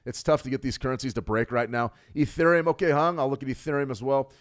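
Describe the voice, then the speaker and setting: Fast and mid-range in pitch, a man runs a live trading stream full of energetic market talk. He hammers key phrases through repetition and responds to viewers' chat messages.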